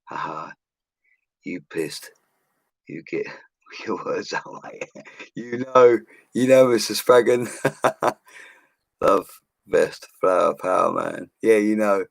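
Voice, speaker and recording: A man's voice: on the low side, takes it slowly, vocal fry, pauses often, no room sound. A man chatting casually on a live stream, upbeat and slangy, laughing often as he reads viewer comments. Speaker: livestream host reading viewer comments. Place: home studio.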